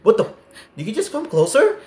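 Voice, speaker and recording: A young man commentating a horror game as he plays, excitable and prone to sudden yelps and swearing. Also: sits high, brisk, echoey room, noisy background. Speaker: gaming streamer. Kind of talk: gameplay commentary.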